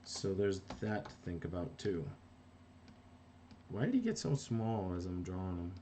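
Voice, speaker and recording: A man's voice: low-pitched, very animated, a little slow, dark tone, slight background noise. A middle-aged man from New Jersey, an animator chatting casually on a live stream while he works, reading viewer comments aloud and often breaking off mid-thought. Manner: rambling, self-interrupting, reads chat aloud.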